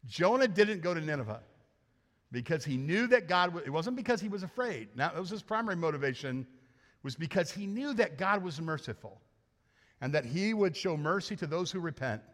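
A male pastor delivers a sermon with an animated, joking style. He acts out the characters in the story and teases the congregation as he goes. His voice sits a bit high, and the sanctuary's long reverb trails after his words. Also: fairly quick. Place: church sanctuary. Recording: hall reverb.

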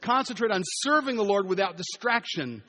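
A man's voice: sits high, animated, brisk, pushed and bright. A middle-aged man preaching a sermon as pastor in a church, with a conversational, storytelling manner. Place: church hall. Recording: reverberant church hall.

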